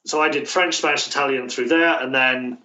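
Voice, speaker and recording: British male guest, chatty with restarts and fillers; bright tone, echoey room. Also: medium pitch, fairly even intonation, fairly quick. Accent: British English. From Britain. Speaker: guest, language coach. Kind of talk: casual interview chat. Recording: roomy, distant, dull remote-call sound.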